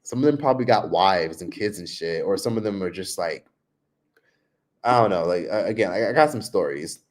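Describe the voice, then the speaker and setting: A man's voice: animated, brisk. A man chatting casually on a livestream into his laptop microphone, saying "like" often. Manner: chatty, frequent "like", mimics others in high voices. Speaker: livestream vlogger.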